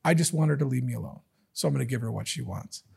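A man's voice: mid-range voice, quick pace, creaky, darkish tone, husky, pitched below the performer's own voice, full character voice. Man acting out a fed-up, callous judge. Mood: exasperated.

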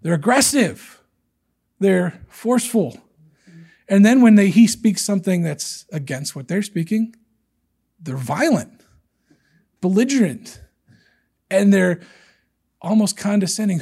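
A male preacher with a high, husky voice, delivering a lively sermon. He jumps between explaining verses and acting out the characters' lines with swings in pitch and loudness. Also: unhurried, long pauses. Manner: animated, acts out quotes from scripture in different voices.

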